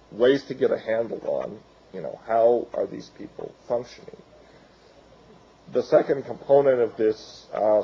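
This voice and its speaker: Male lecturer, gravelly and mellow, voice giving out, halting delivery, dull lo-fi recording. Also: on the low side, a little hiss or hum. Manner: halting, with many fillers and restarts. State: losing his voice. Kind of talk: academic lecture with slides.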